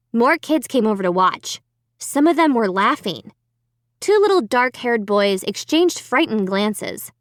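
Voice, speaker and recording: A woman reading a children's horror book aloud in first person, with expressive dramatic delivery on a close microphone. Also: on the high side, no echo. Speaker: audiobook narrator. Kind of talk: scripted first-person narration.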